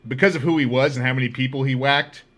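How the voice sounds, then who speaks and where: A man hosting a podcast, telling stories in a casual, animated way and laughing often. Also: medium pitch, quick pace. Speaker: podcast host. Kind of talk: casual storytelling.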